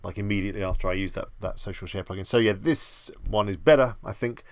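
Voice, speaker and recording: A man's voice: on the low side, fast talker, dry recording. A man hosting a live stream, chatting with viewers in an easygoing, rambling way. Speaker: livestream host. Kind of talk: casual live-stream chat.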